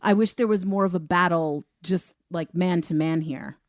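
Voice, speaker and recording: A woman co-hosting a film review podcast in a chatty, animated way. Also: fairly low pitch, normal speed, no room sound, clean studio sound. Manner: chatty, animated, laughs easily. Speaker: podcast co-host. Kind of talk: casual film review chat.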